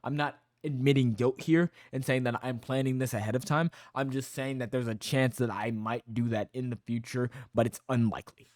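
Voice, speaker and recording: A man's voice: mid-range voice, fairly even intonation, brisk, hardly any pauses, darkish tone, dry recording, studio quality. A young man streaming a reaction, talking in a casual, rambling, profane way and correcting himself as he goes.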